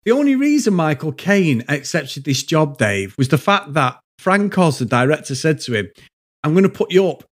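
A man's voice: fairly high pitch, normal speed, few pauses. A man, co-hosting a casual film review podcast, telling stories with lots of swearing. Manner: swears freely, animated storytelling. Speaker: podcast co-host.

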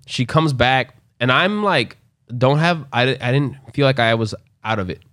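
A man's voice: medium pitch, expressive, moderate pace, a bit bright, dry recording, studio quality. A young man casually telling a story, loose and profane, acting out quotes along the way.

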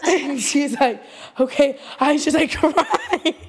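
A woman with a fairly high voice tells a wild story in casual podcast chat, laughing as she goes. She sounds lively and loose, and her voice rings out with a long reverb around it. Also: slow. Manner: animated storyteller, laughing often. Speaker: podcast co-host.

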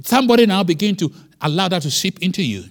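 A man preaching a sermon as pastor, emphatic, with wide swings in pitch and loudness. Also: animated, fast.

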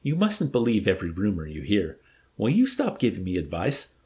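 A man's voice: lowish voice, huge pitch swings, moderate pace, darkish tone. A man reading a novel aloud and acting out its dialogue, then chatting about the chapter. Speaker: book club reader.

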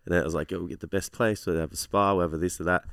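Fast-talking deep-voiced man. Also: steady tone, creaky, fairly bright tone, no echo, studio quality. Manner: fast, swearing, laughs while telling stories. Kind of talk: casual storytelling chat.

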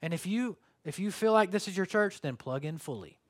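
A man's voice: sits high, animated, brisk. A man, preaching a sermon in a conversational, joking way that rises to emphatic calls. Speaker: pastor.

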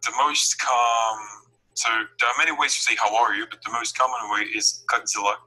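A man's voice: mid-range voice, a little fast, bright, forceful tone, breathy edge, low-quality recording. A young man teaching a casual online language lesson over a video call, explaining patiently with many fillers and restarts. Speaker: language tutor.

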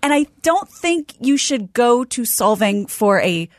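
A woman's voice: fairly high pitch, expressive, measured pace, no echo, clean studio sound. A woman co-hosting a podcast, chatting casually with bubbly, playful exaggeration. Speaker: podcast co-host. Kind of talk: casual chat.

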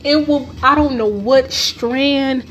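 High-voiced, profane woman storyteller. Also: takes it slowly, a bit bright, a little hiss or hum. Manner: profane, emphatic, rhetorical questions. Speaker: podcast host. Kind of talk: casual storytelling monologue.

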